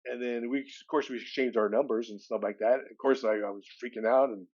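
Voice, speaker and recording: A man's voice: medium pitch, steady tone, fairly quick, darkish tone, muffled recording. A man in his sixties from California, a podcast guest telling a personal story in a loose, conversational way. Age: 60s. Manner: loose, conversational, retells dialogue with "he goes".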